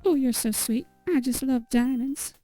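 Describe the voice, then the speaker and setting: A sweet-as-syrup young Southern woman, put on by a female player, cooing every line coyly and stretching her words out slow. She's a gold-digging date in a video game, her voice lifted a little higher and softer than the player's own, mellow in tone and close on a dry mic. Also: dry recording, faint music behind, natural voice, low-quality recording. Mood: sugary. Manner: sugary, coy, drawn-out.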